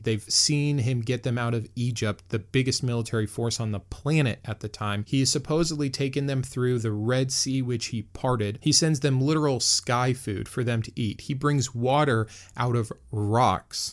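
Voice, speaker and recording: A young adult man hosting a secular Bible study, summarizing the text in a casual, sarcastic way with joking asides. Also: medium pitch. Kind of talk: casual explanatory commentary.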